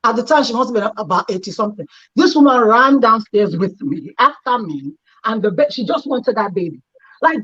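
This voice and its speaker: A woman's voice: on the high side, animated, brisk, fairly bright tone, slightly rough, lo-fi sound. A middle-aged woman who hosts a chat show and tells a personal story with animation, acting out quoted lines. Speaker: host.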